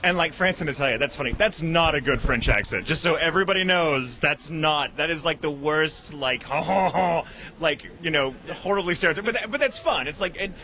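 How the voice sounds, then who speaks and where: A man who voices anime characters, chatting about his work at a convention interview, animated and quick to laugh at himself. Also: fairly high pitch. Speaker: voice actor and writer. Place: convention venue.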